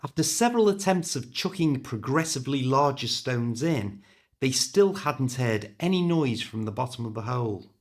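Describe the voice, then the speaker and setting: Expressive British male storyteller. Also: medium pitch, normal speed. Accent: British English. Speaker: storyteller for English learners. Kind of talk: scripted story narration.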